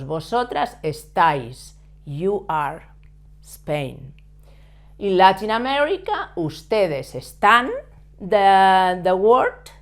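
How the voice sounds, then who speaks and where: A woman teaching a step-by-step language lesson, patient and explanatory, often hesitating and repeating words as she goes. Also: fairly low pitch. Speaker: Spanish teacher.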